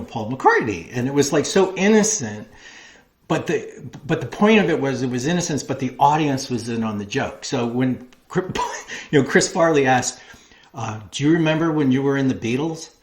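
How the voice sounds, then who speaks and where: A man, a wrestling promo class coach, telling stories in an interview, animated and full of restarts. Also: medium pitch. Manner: animated storyteller with many restarts. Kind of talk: storytelling interview.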